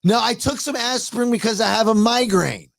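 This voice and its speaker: A man's voice: very high voice, a little fast, gravelly, no echo, voice pushed up. A man imitating his drunk seventy-six-year-old mother, who slurs and drifts and gets defensive. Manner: slurred, drowsy, defensive.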